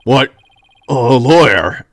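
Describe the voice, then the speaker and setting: A man voicing a gruff, dismissive male court guard in a video game playthrough. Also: mid-range voice, expressive, slow, over a noisy crowd. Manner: dismissive and blunt.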